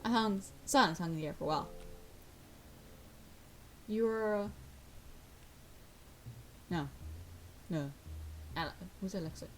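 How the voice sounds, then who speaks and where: A woman's voice: mid-range voice, unhurried, long pauses, a little hiss or hum. A woman reading a visual novel aloud and voicing every part, breaking off for casual asides. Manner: reads all the parts, breaking off for casual asides. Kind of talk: reading game dialogue aloud with commentary.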